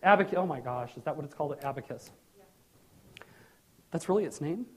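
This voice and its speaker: A middle-aged man preaching a sermon as pastor, animated and joking, with sudden loud bursts. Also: a little high, brisk.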